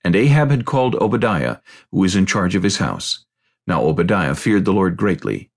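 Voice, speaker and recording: A man with a low voice that has a gravelly edge narrates scripture in a deliberate, measured way. His pitch rises and falls a lot as he reads. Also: sing-song.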